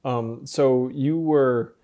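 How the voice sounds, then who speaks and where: A man's voice: mid-range voice, fairly even intonation, mellow. Thoughtful male podcast host. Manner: measured, thoughtful questions with some hesitation. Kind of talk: interviewing a guest.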